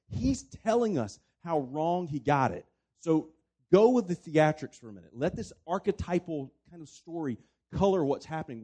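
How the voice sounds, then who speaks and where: Mellow-voiced pastor musing on scripture. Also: male voice, fairly high pitch, breathy edge. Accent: non-local accent. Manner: reflective, preacherly storytelling. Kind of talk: conversational Bible discussion.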